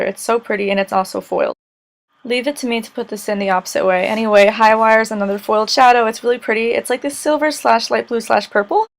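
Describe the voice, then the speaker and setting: A young woman chatting casually to camera in a beauty vlog, candid and a little tired, with plenty of fillers. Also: on the high side. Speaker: beauty vlogger.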